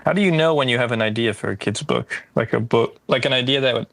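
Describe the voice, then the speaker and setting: A man's voice: medium pitch, fast, creaky, a bit bright, no room sound. A man hosting a podcast interview, asking curious, brief questions in a casual tone. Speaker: podcast host.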